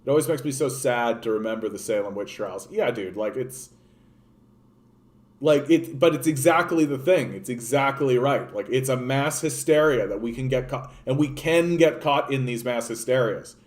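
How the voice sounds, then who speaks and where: A young man from Canada ranting about politics, swearing often and swinging between loud outbursts and hushed, soothing asides. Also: medium pitch, normal speed. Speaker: political streamer. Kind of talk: profane political rant.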